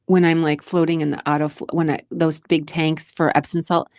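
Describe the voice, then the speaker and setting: A woman's voice: deep voice, little pitch movement, normal speed, a little mellow, no echo, studio quality. A woman in her forties hosting a podcast, chatting casually and emotionally as she answers question cards, rambling with restarts. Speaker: podcast host.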